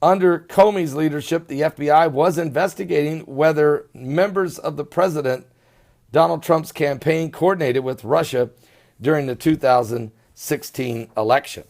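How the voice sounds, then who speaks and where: Gravelly, emphatic man commenting on news. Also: fairly high pitch, normal speed, darkish tone. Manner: emphatic and scornful, with stretched-out words. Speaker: host of an online commentary channel.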